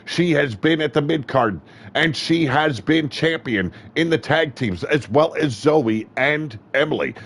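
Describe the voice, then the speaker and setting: A man with a slightly high, gravelly voice calls a wrestling match play-by-play. He gets excitable and profane and often breaks into shouts. Faint noise hums behind him. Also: unhurried. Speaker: wrestling commentator. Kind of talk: play-by-play commentary.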